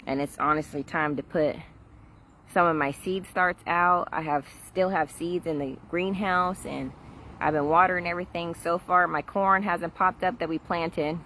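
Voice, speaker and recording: A woman's voice: lowish voice, steady tone, moderate pace, bright, forceful tone, slight background noise. A middle-aged woman chatting casually on a garden livestream, rambling and laughing often, recorded outdoors on a phone.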